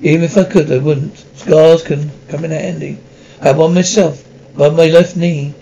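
A man reading as a calm old wizard headmaster. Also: fairly high pitch, moderate pace, vocal fry, slight background noise. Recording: dull lo-fi recording.

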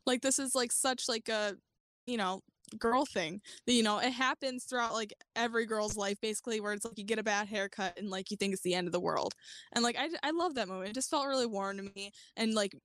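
Female podcast guest, higher pitch, hesitant and filler-heavy, dead-dry sound. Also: brisk, fairly bright tone, no echo. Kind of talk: casual movie review chat.

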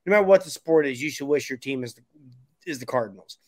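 A man's voice: mid-range voice, fast talker, dry recording, clean studio sound. Blunt, opinionated man talking baseball. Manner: opinionated, blunt, rambling with restarts. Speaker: podcast co-host. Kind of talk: casual sports chat.

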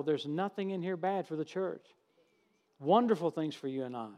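A man, preaching a sermon in a church, telling stories in a folksy, humorous, animated way. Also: a little high, moderate pace. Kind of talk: sermon with storytelling.

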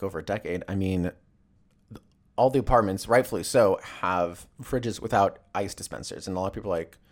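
A man ranting casually and comedically, rambling and swearing as he tells stories. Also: fairly low pitch. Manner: rambling, profane, animated storytelling.

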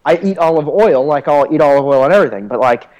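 A man's voice: a little high, animated, quick pace, a little mellow, muffled recording. A young man co-hosting a podcast, telling self-deprecating stories in a rambling way with lots of fillers. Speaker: podcast co-host. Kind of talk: casual chat.

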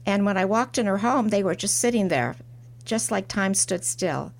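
A middle-aged woman, a porcelain artist, telling a reflective story in an interview with soft restarts. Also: mid-range voice, lively intonation, normal speed. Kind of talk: interview conversation.

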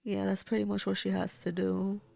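A woman's voice: medium pitch, level tone, moderate pace, vocal fry, darkish tone, dry recording, studio quality. A woman reacting to a movie as she watches it, gushing and blunt, talking back at the screen. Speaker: movie reviewer. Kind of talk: casual movie reaction commentary.

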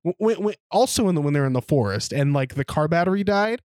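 A man's voice: fairly high pitch, animated, fast, darkish tone, no room sound. A young man co-hosting a podcast, telling stories in a rambling, profane way and laughing along as he talks. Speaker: podcast co-host. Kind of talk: casual chat.

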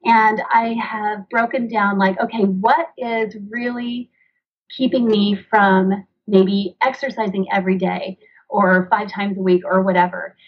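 Earnest and a bit rambling, a thirty-something mother and author speaks as a podcast guest in a conversational interview, acting out dialogue as she explains. Her mid-range voice is slightly rough, with fairly even intonation and a measured pace, and the audio is dull.

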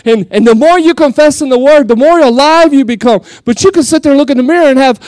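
Male pastor, West Texas accent, high pitch, playful preaching, dry sound. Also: quick pace, few pauses, no room sound. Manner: animated, jokey, laughs often, acts out quotes. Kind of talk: lively sermon.

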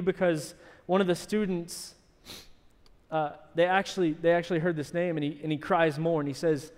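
A man delivers a sermon from the pulpit, telling a story with animated energy. His voice sits a little high. Long reverb from the church sanctuary trails behind each phrase. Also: moderate pace. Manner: animated storytelling, shouting in acted quotes. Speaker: pastor.

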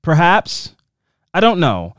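Rambling man with a smooth, clear voice. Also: on the high side, slow, no echo, clean studio sound. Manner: rambling, self-interrupting and animated. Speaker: podcast host. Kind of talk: casual podcast chat.

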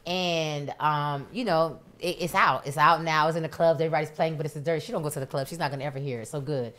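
Woman, from Miami, low voice, casual interview guest, animated storyteller. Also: fast. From Miami, USA.

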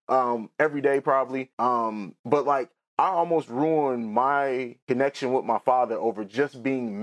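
A man in his thirties hosting a podcast, telling a personal story in a candid, rambling way with many restarts and some tears. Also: medium pitch. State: tearful. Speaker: podcast host.

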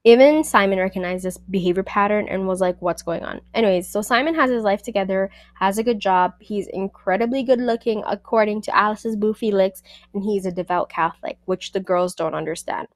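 A woman hosting a book review podcast in a sassy, animated, casual way, talking back to the characters. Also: medium pitch, brisk, no room sound.

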